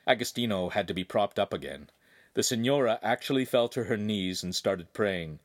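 A man's voice: on the low side, expressive, moderate pace, no echo. Man narrating a novel, dry close sound. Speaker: audiobook narrator.

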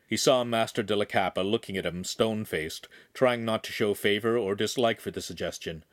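A man's voice: fairly low pitch, brisk, few pauses, no echo. Man reading a novel in a dry recording. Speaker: audiobook narrator. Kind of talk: scripted story narration.

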